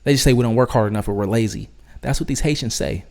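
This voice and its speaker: A man's voice: mid-range voice, fast talker, creaky, heavy background noise. A man hosting a commentary channel, reacting to clips in an emphatic, argumentative, lecturing way.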